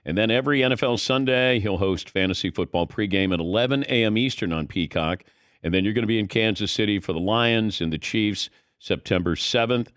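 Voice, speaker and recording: A man hosts a sports radio talk show, keeping it loose and short with his guest. His voice sits low, close and dry on the mic. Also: a little fast, a bit bright, dry recording. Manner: easygoing, laughs along, short prompts. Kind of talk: casual interview. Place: radio studio.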